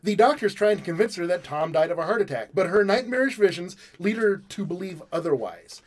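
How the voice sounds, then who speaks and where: A man with a fairly high voice leads a loose, jokey movie talk, swearing freely. He stays relaxed and wry while reading from the box. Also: brisk. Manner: joking, profane, reads aloud from a box. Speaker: podcast host. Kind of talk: casual movie review chat.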